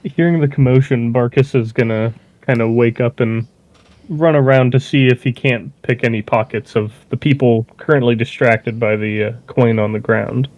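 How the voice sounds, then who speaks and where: A man plays a tabletop game, calling out his moves in a relaxed, matter-of-fact way. His voice comes through a muffled, lo-fi recording with a dry, close sound. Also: mid-range voice, moderate pace, dry recording. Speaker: player. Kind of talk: casual tabletop play.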